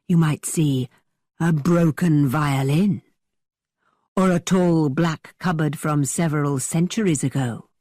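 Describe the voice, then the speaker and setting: A woman voicing a teasing young man who tells spooky tales in a dramatically low voice. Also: husky, no room sound, studio quality, heavily acted. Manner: dramatically low, hushed storytelling.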